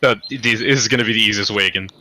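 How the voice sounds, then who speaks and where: Rambling male game master, bright tone. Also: fairly low pitch, racing. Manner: rambling, hedging, many fillers. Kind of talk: narrating a tabletop game.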